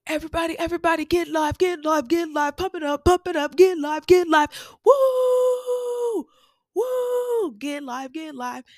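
A woman imitating a loud male hype man chanting cheers to pump up a crowd. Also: measured pace, hardly any pauses, no echo, studio quality. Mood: hyped. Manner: high, chanting, repeating short cheers.

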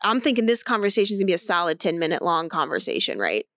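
A woman in her thirties co-hosting a podcast, telling stories in a lively way, swearing freely and laughing often. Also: on the low side, fast talker, no room sound, clean studio sound. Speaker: podcast co-host. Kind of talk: casual chat.

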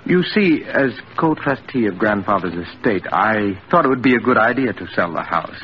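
An actor playing a placating, evasive young nephew in a 1940s-style radio drama, talking soothingly. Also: male voice, fairly low pitch, lively intonation, moderate pace, close to an everyday voice. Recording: dull old radio broadcast with hiss.

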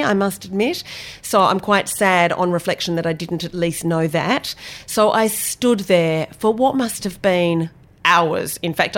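A woman's voice: medium pitch, a bit bright. An Australian woman hosting a solo podcast, telling a self-mocking kitchen anecdote in a chatty way. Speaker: podcast host and private chef.

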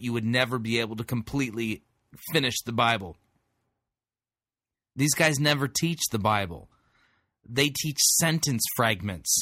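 A man's voice: mid-range voice, no room sound, clean studio sound. A man hosting a podcast, commenting sarcastically on a recorded sermon he plays and critiques. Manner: sarcastic, mocking, animated.

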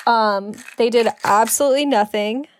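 A young woman co-hosting a podcast, chatting casually about beauty products she bought, self-deprecating and quick to laugh. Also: a little high, slight background noise. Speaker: podcast co-host. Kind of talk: casual chat reviewing products.

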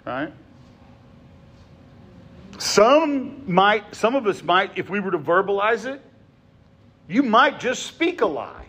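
Man preaching, loud then hushed. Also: on the high side, sing-song, measured pace, long pauses, breathy edge. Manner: dynamic preaching, swinging from emphatic to soft and hushed; asks the listeners "right?" often. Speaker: pastor. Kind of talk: sermon.

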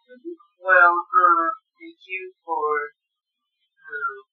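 A woman hosting an interview, answering softly and affirming her guest. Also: fairly low pitch, sing-song. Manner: soft, affirming, slow. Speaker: host. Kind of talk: interview chat. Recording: dull sound with faint music.

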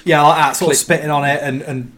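A man's voice: on the high side, fairly even intonation, fast talker, a bit bright. A man co-hosting a podcast, rambling through a novel's plot with profanity and jokey asides. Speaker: podcast co-host discussing a novel. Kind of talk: casual book-club chat.

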